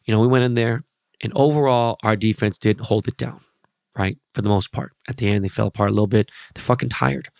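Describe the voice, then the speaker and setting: A man hosting his podcast, rambling through sports and celebrity stories with constant swearing and animated asides. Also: lowish voice, a little fast, creaky, no room sound, studio quality. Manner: profane, rambling, animated storytelling. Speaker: podcast host. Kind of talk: casual podcast monologue.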